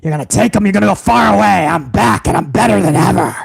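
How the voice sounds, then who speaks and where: Man putting on a tyrannical old boss, barks insults and threats, gravelly shout. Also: high-pitched, fast, dry recording, heavily acted. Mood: bossy ranting. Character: ranting older male company boss, tyrannical.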